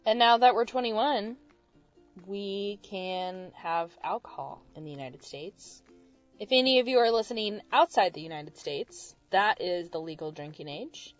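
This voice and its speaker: A woman's voice: mid-range voice, measured pace, muffled recording, faint music behind. Dry-humored woman podcast co-host. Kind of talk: casual chat.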